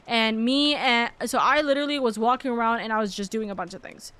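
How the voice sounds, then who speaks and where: A young woman VTuber chats casually with her livestream viewers, gushing and often repeating herself. Her voice sits on the high side and sounds a bit bright.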